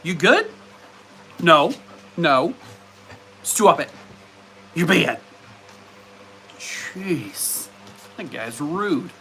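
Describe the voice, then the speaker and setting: A man's voice: on the high side, animated, very slow, pauses often, pushed and bright, a little hiss or hum. A man live streaming from home, chatting casually and playfully scolding and baby-talking his dogs. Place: home in Arizona.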